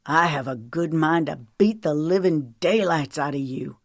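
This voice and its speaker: A stern, protective man in an audiobook, played by a woman reader. He speaks firm and clipped, holding anger down. His voice is low and is recorded close and dry. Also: measured pace, no room sound.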